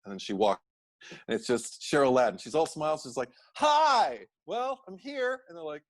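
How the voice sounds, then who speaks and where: A man co-hosting a podcast in casual chat, an animated storyteller who acts out quotes in high put-on voices, laughs often and swears. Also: fast, no echo. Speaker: podcast co-host.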